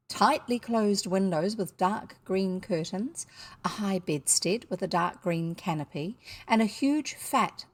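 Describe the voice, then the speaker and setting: A woman with a New Zealand accent reading a classic novel aloud, now and then adding wry asides. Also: mid-range voice. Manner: adds wry asides to the narration. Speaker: audiobook reader.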